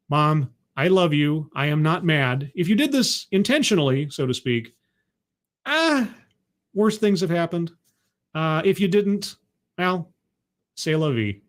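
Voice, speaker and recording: Male streamer, rambling and wry, voice a bit high, casual wrap-up. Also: very animated, a little slow. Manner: rambling, self-deprecating, with restarts. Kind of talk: casual live-stream sign-off.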